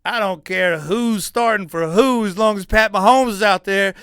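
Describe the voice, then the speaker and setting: A man's voice: high voice, normal speed, clear, resonant tone, dry recording, clean studio sound. Heated, foul-mouthed man ranting about football. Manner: loud, heated, swearing freely, mocking. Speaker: podcast host. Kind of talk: profane sports rant.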